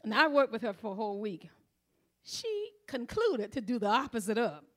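A middle-aged woman preaches at church, weaving in personal stories, laughing often, and acting out the voices of people she quotes. Her fairly high voice has a sing-song lilt and a moderate pace.

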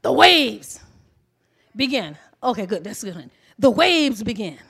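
A woman preaching a sermon emphatically, swinging from soft, low asides to shouting. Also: sing-song, slow, gravelly, husky.

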